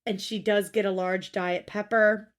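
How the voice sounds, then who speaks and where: A woman's voice: medium pitch, measured pace. A woman co-hosting a podcast, recapping a show in casual chat with blunt opinions and free swearing. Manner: blunt, swears freely, animated storytelling. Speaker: podcast co-host.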